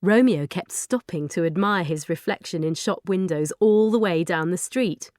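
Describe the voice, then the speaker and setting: A woman narrating a children's storybook in an expressive, lively way. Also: lowish voice, normal speed, no room sound, studio quality. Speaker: audiobook narrator.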